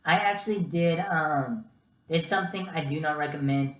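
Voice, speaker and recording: A man's voice: fairly high pitch, moderate pace, fairly bright tone. Chatty young man in an echoey room. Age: young adult. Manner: chatty, keeps addressing viewers as guys. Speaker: vlogger. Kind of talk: casual storytelling vlog.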